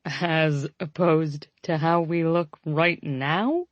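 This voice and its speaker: A woman narrator voicing a driven, reserved young man in an audiobook, with a lower, dry, understated delivery. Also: steady tone, takes it slowly, no room sound. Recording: slightly dull lo-fi audio.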